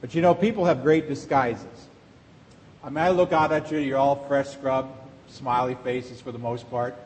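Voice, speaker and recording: A man's voice: medium pitch, fairly even intonation, normal speed, darkish tone. A middle-aged man, a pastor, preaching a sermon to his congregation in a conversational way, asking the room rhetorical questions. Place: church sanctuary. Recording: long reverb of a large church hall.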